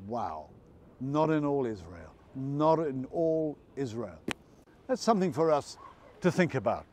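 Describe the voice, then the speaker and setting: A South African man speaking outdoors by an old harbour, giving an informal devotion in a conversational, storytelling way. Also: mid-range voice. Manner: conversational, storytelling, warm emphasis on scripture.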